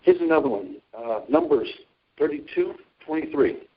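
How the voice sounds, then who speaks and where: A man's voice: fairly high pitch, moderate pace, phone-quality sound. A man preaching informally on a Christian talk show, telling stories from his own life and reading scripture. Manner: animated storytelling with scripture readings.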